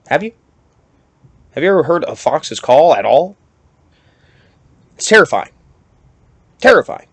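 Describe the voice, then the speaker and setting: A man hosting his own podcast, rambling through a casual solo monologue with self-deprecating asides. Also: medium pitch. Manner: rambling, self-deprecating, animated when riled up. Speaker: podcast host.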